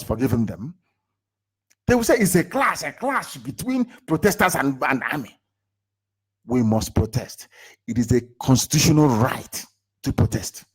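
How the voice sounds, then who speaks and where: A movement leader with a Nigerian accent delivers an impassioned live political address to his followers in a slightly rough voice. He is emphatic, firing rhetorical questions at the crowd and swinging between loud bursts and low asides.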